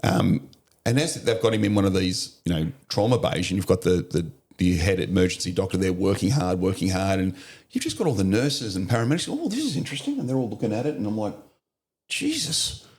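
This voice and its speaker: Blunt middle-aged Australian man, low gravelly voice, vivid storyteller. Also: fast, a little mellow. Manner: blunt, vivid retelling with swearing. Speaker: podcast guest, former police officer. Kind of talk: storytelling in an interview.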